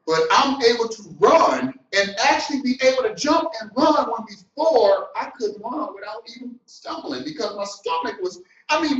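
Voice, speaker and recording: A middle-aged man giving a motivational business talk, animated and preacher-like, swinging between loud and soft. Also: on the high side. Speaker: business coach. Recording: roomy, distant, dull sound.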